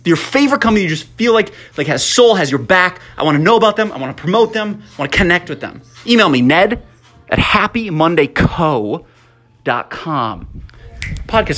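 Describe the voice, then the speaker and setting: A young man hosting his own podcast in an upbeat, excitable way, full of fillers and slightly out of breath from pacing. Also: high voice, moderate pace, soft background music. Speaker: podcast host. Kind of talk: casual solo podcast monologue.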